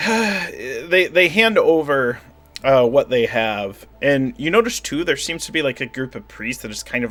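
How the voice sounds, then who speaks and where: A man narrating as game master of a tabletop spy game, voicing the other characters in a loose, joking way. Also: medium pitch. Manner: animated, voices NPCs with laughter.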